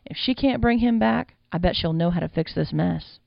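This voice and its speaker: A big, lumbering young man with a sly, knowing manner, as a woman reader puts him on. He talks with a gravelly drawl, and the recording is a little muffled. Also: on the low side, moderate pace, dry recording.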